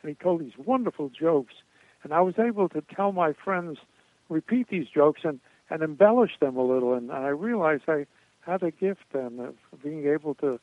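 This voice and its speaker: An older man spins rambling, chuckling stories as an interview guest. His voice sits a little high for a man and comes through a thin, phone-like line. The sound is dry and close, with no room around it. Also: animated, normal speed, dry recording. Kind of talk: anecdotal storytelling interview.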